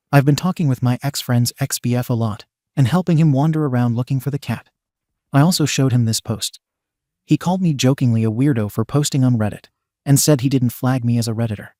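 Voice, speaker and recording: A man giving scripted narration of an online post, in a steady reading that spells abbreviations out letter by letter. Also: mid-range voice, no echo, clean studio sound. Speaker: story narrator.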